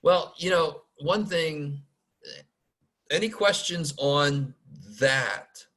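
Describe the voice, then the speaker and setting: A man's voice: fairly high pitch, drawn-out words, fairly bright tone. A man teaching a statistics class over a video call, informal and self-deprecating, muttering asides and mild curses. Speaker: math instructor. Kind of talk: casual online lecture. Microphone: video call mic.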